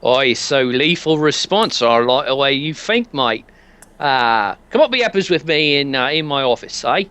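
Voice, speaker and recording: A man's voice: medium pitch, animated, moderate pace, sharp tone, clear, resonant tone. A man voicing a chummy male security-shop owner in a put-on British accent, stumbling over his words and calling everyone mate. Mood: chummy salesman.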